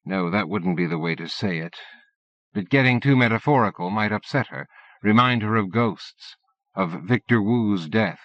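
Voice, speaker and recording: A man reading an audiobook in a steady, measured narration. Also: lowish voice, no room sound. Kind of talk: scripted narration. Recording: dull dry cassette-era audiobook recording.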